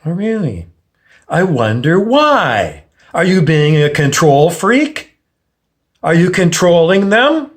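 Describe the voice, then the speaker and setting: A man's voice: high-pitched, animated, slow pace. A man giving a blunt, profane, lecturing monologue in a confrontational style. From Canada. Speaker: self-help speaker.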